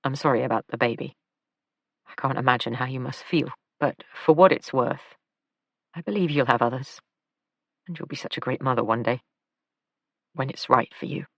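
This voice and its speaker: A woman reading a tired, injured man who talks softly and apologetically in an audiobook. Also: very deep voice, normal speed, vocal fry, long pauses, dry recording, studio quality, exaggerated voice. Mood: weary.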